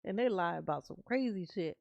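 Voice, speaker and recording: A woman's voice: on the low side, expressive, brisk, gravelly, a little mellow, no room sound, dull audio. A woman hosting a casual livestream, chatting with viewers in a laid-back way and swearing freely. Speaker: livestream host reading viewer comments.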